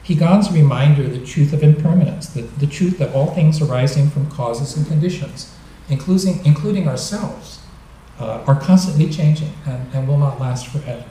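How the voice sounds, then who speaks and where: Man, dharma talk, mellow voice, echoey temple hall, mic far away. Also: on the high side, moderate pace, a little hiss or hum. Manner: gentle, explanatory, with light humor. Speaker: minister.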